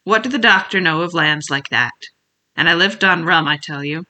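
A reader voicing a sick old male sea captain who craves rum, talking in a weak voice with rough sailor's dialect, by turns pleading and blustering. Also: medium pitch, normal speed, bright, forceful tone. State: weak, feeble voice. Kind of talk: audiobook character reading.

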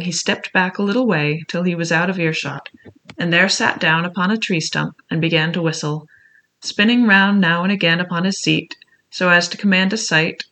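A reader with a bright, clear tone tells an old adventure tale in a measured, expressive way. The narration is scripted and steady, with each sentence shaped for the listener. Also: mid-range voice. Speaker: audiobook reader.

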